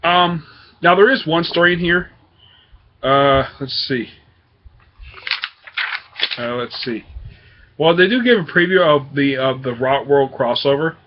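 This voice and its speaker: A man's voice: fairly high pitch, a little slow, long pauses, dull audio, background noise. A man hosting his own comic book review show, talking casually and hesitantly with lots of fillers. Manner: rambling, hesitant with many fillers.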